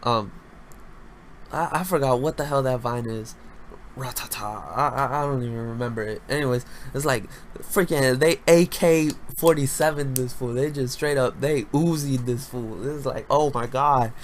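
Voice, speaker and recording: A young man rants through a casual solo podcast in a mid-pitched voice, loud and full of slang and swearing. His pitch jumps into high yelps, then drops to low mutters. A faint hiss of noise sits under the recording. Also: moderate pace. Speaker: podcast host.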